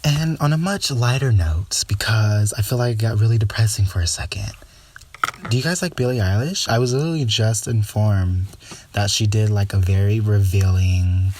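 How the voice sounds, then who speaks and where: A man's voice: fairly low pitch, a little mellow. A young man hosting a casual solo podcast, talking in a sassy, gossipy way with lots of filler words. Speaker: podcast host.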